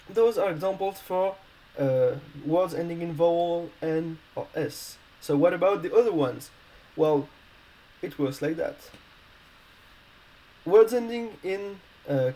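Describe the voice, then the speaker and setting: Male language tutor, non-native English speaker, somewhat high voice with a mellow tone, halting and full of fillers. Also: rough recording. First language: not English. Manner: hesitant, many fillers and restarts. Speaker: language teacher. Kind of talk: explaining a grammar lesson.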